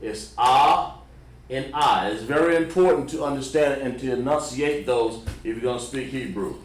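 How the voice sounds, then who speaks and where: A Southern American man gives a pronunciation lesson on a livestream, sounding out syllables one at a time. He speaks in a halting way and often repeats his words. His voice comes from a mic some distance away and carries the echo of the room. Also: medium pitch. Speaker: religious language teacher.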